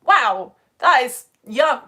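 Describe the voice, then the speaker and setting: A woman's voice: high-pitched, sing-song, takes it slowly, bright, forceful tone. A British woman teaching a live online science lesson, reading out viewer comments and greeting children by name in a gushing, chatty way with self-mocking asides.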